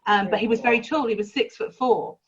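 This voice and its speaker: A woman's voice: fairly high pitch, brisk, slightly rough, lo-fi sound. A woman in her fifties, chatting enthusiastically about old films as a podcast co-host and laughing easily. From England. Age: 50s. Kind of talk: casual chat about films.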